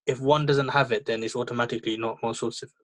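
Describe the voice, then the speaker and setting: A man's voice: medium pitch, fairly even intonation, fast talker, dry recording. A man explaining his reasoning as a student in class, tentative. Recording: dry.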